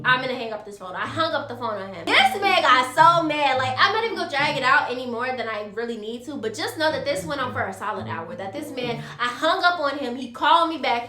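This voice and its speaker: A woman's voice: high voice, reverberant. A young woman in a storytime vlog, talking animatedly and calling her viewers y'all. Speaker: vlogger.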